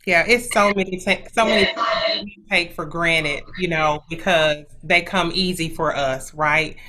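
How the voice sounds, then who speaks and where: A woman's voice: lowish voice, measured pace, bright, forceful tone. A woman hosting an interview, asking loose, supportive questions with fillers. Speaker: talk show host. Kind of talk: interview conversation.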